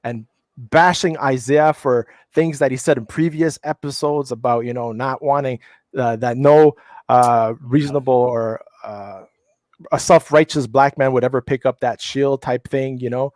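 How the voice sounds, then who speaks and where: A man's voice: medium pitch, fairly even intonation, unhurried, a little mellow, no room sound. Heated, profane man on a panel. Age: middle-aged. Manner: heated, profane, many restarts. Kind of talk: casual panel chat.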